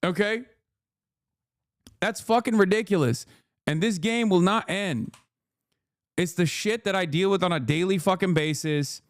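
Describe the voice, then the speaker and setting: A man streams a heated, casual commentary rant, swearing freely and pressing every point with a pointed "okay?". His voice sits a bit high for a man, and the sound is dry and close with no room around it. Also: measured pace, pauses often, no echo. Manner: profane, emphatic, keeps asking "okay?".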